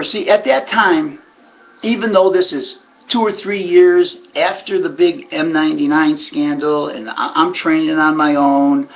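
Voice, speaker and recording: Gravelly high-voiced man telling a story. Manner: animated, acts out other people's lines. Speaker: former harness racing trainer. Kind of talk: storytelling monologue. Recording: muffled lo-fi recording.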